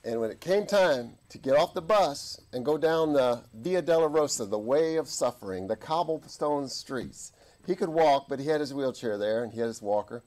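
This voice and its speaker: A middle-aged man preaching a sermon as an army chaplain, telling stories and acting out voices in the quotes. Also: moderate pace. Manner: animated, acts out quotes with big pitch jumps. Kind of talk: sermon with storytelling. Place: church.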